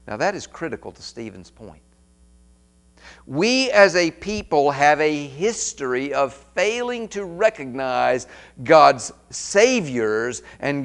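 A man's voice: mid-range voice, vocal fry. A man preaching an expository sermon, reading scripture aloud and then commenting with rising emphasis.

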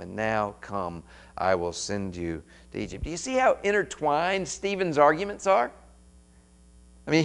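Gravelly-voiced man preaching a sermon. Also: on the high side, fairly bright tone. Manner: reads scripture aloud, then comments with rising emphasis. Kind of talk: expository sermon.

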